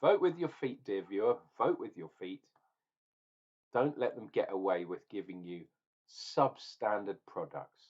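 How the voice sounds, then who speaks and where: A man's voice: fairly low pitch, a little slow, darkish tone. Ranting lo-fi man reviewing beer. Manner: ranting, opinionated, swears. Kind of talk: casual beer review vlog.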